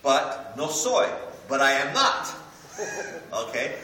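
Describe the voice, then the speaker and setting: A man in his fifties preaching a sermon as pastor, animated and joking as he speaks. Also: mid-range voice, slow, slight background noise. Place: church sanctuary. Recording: echoey church hall, mic from a distance, faint ambience.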